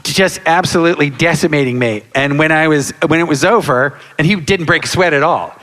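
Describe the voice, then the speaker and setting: A man in his sixties, a guest on a live convention panel, telling lively anecdotes and acting out quotes and sound effects. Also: on the high side, a little fast. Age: 60s. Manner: animated storyteller, acts out quotes and sound effects. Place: large hall with live audience. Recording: reverberant hall.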